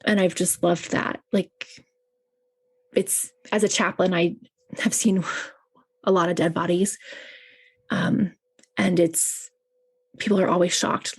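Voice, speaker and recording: A woman's voice: on the low side, fairly even intonation, takes it slowly, long pauses, breathy edge. A woman who works as a chaplain, a podcast guest, speaking earnestly and telling personal stories with frequent fillers. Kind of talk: personal conversation.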